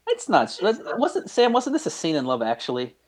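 A man hosting a casual chat, asking lots of questions and breaking into quick laughs. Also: high-pitched, wildly swooping pitch.

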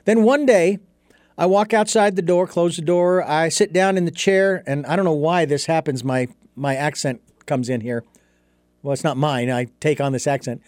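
A man's voice: fairly high pitch, moderate pace, a little mellow, no room sound, clean studio sound. A man as an interview guest, telling a story and explaining his ideas in an earnest, thoughtful way. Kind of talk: reflective storytelling in conversation.

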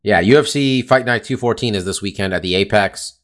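A man's voice: fairly low pitch, a little fast. A man co-hosting a podcast, chatting casually in a rambling, profane way with lots of fillers. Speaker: podcast co-host. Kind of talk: casual chat. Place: California.

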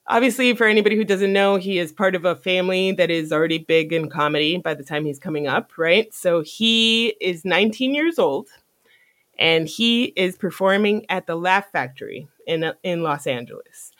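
Animated, swearing podcast storyteller, dry sound. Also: medium pitch, normal speed, no echo. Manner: animated, profane storytelling with frequent laughs. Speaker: podcast host. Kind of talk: casual chat.

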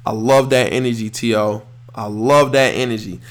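A young male podcast host talks solo about sports in a loose, heated, profane way, swearing freely and launching into animated rants. His voice is medium-pitched at a moderate pace.

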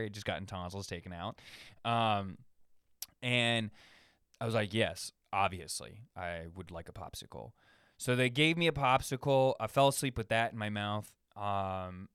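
A man's voice: mid-range voice, a bit bright, clean tone, dry recording, studio quality. A young man hosting a podcast from his room, rambling casually in a laid-back, slangy way with lots of fillers and restarts. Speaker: podcast host. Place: his own room at home.

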